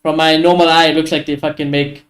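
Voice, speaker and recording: A man hosting a live football watchalong stream, reacting to the match with excitable, frustrated commentary, swearing often and talking to his chat. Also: fairly high pitch, fast talker.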